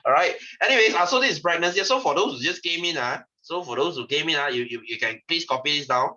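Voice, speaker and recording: A science tutor with a Malaysian English accent talks fast through a joking lesson, his bright voice leaping around in pitch. He teases the class and laughs between points, animated throughout, on a dull, lo-fi recording.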